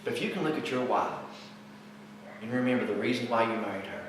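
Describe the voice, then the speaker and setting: A man's voice: mid-range voice, quick pace, noisy background. A man preaching a sermon, emphatic and fond of repeating rhetorical questions. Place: church sanctuary. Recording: very echoey hall, mic far off.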